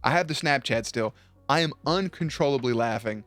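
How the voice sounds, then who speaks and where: Young male streamer, laid-back and profane storyteller, middling pitch, faint music behind. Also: moderate pace, dry recording. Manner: profane, laughing, animated. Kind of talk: casual storytelling to chat.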